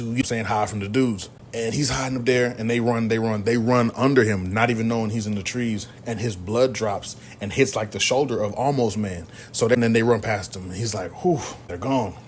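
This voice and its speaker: A man hosting a podcast, retelling a film's plot in casual, slangy, energetic storytelling. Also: fairly low pitch, a little hiss or hum. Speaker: podcast host. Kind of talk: casual movie recap.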